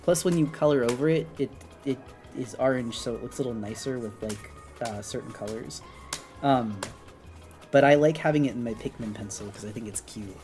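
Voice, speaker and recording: This is a streamer chatting casually while drawing, rambling and restarting often. The voice sits in a middle pitch. Soft music plays faintly behind. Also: fairly quick. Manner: rambling, many fillers and restarts. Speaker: art streamer. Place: apartment on an upper floor.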